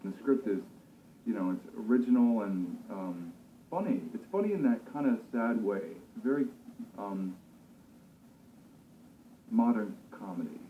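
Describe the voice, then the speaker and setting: A male actor talking about his role in a casual interview, thoughtful and relaxed, with many fillers and restarts. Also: lowish voice, unhurried, long pauses, slight background noise. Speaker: actor discussing his character. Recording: slightly dull, roomy recording.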